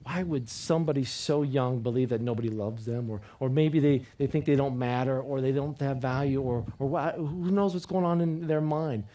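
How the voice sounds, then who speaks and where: A man preaching a sermon as a pastor, earnest and repeating key phrases as he leads the congregation in call-and-response, swinging between loud emphatic lines and quiet personal appeals. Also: mid-range voice, moderate pace, few pauses.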